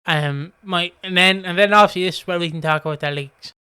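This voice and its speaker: A man's voice: high voice, brisk, sharp tone, smooth, dry recording. An Irish man co-hosting a podcast, chatting casually as he recaps episodes and acts out the characters' lines. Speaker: podcast co-host. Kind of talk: casual chat recapping a soap.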